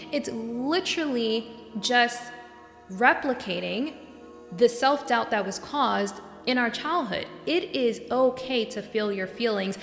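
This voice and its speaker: A young adult woman from New York hosting a solo podcast, talking earnestly and getting worked up and animated. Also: on the high side, gravelly. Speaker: podcast host and coach. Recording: echoey room with long reverb.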